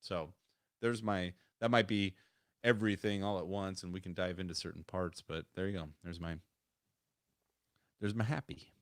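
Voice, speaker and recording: A man's voice: sits low, steady tone, normal speed, long pauses, dry recording, studio quality. A man co-hosting a casual podcast over a remote call, talking in a rambling way with many restarts. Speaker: podcast co-host.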